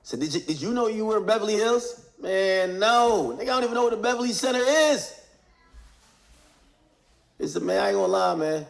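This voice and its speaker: A man's voice: high voice, lively intonation, fairly quick, gravelly, pauses often. A man giving casual, slang-heavy commentary, acting out quotes while he recaps court testimony.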